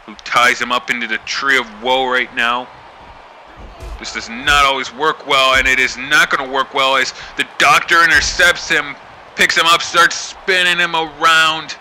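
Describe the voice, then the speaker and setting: A man doing excited play-by-play wrestling commentary as host of his channel, building up to shouts at the big moments. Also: medium pitch, a little slow, a little hiss or hum.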